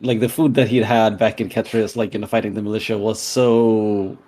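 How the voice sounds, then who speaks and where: A man's voice: lowish voice, flat delivery, moderate pace, mellow. A man playing a tabletop game, who talks hesitantly and uses lots of fillers. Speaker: player. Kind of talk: casual tabletop play.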